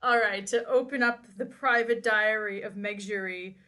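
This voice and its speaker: A woman co-hosting a podcast in casual chat, easygoing and quick to laugh, steering the talk. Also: medium pitch, fairly even intonation, pushed and bright. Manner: easygoing, laughs along, leads the segment. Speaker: podcast co-host.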